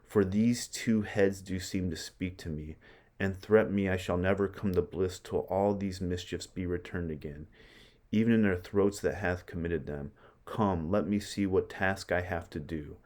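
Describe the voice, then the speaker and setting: A man's voice: sits low, measured pace, a little mellow. A man reading aloud the lines of a grieving old Roman father who vows revenge, declaiming the verse. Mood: grim.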